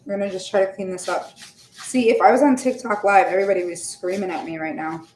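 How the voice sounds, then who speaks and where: A woman talks casually to her live audience while she bakes, laughing often and drifting off mid-thought. Her voice is mid-pitched and rings around a bare home kitchen. A faint hum of room ambience sits underneath. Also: steady tone, fast talker, a little mellow, echoey room. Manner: chatty, laughs often, trails off with fillers. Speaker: vlogger baking on a livestream. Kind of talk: casual chat while baking.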